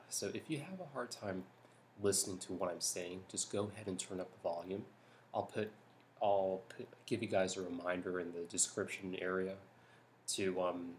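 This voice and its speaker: A young man from California talking softly in a hushed voice at home at night for a vlog, rambling with lots of ums and restarts. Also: low voice, slight background noise. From California, United States. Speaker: YouTuber. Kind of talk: soft-spoken vlog talk.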